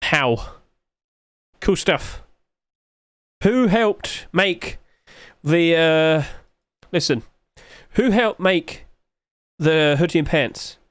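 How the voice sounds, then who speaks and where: A man's voice: on the high side, expressive, very slow, pauses often, dry recording. Chatty male streamer. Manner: chatty, musing aloud, rhetorical questions. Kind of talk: casual livestream commentary.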